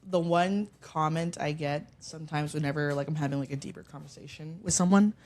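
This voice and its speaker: A woman's voice: low voice, fairly quick, darkish tone. A young woman, a comedian, chatting casually as a podcast guest, brash and profane, telling stories from her life. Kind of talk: casual chat.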